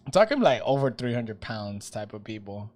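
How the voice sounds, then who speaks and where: A young man co-hosting a beer podcast, loud and joking, swearing freely and slipping into put-on voices. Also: on the low side, sing-song, moderate pace. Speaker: podcast co-host. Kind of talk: casual chat.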